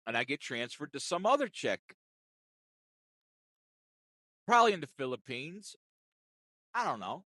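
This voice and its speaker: Give me a man ranting about a phone call, animated and profane, with a very lively pitch. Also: normal speed, no echo. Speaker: content creator. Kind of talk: ranting storytime.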